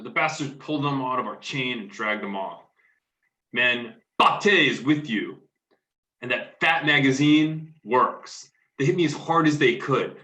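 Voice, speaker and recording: Rough young football fan read by a man, profane, bright voice, echoey room, play reading. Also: mid-range voice. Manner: rough, profane, excited storytelling. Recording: roomy echo.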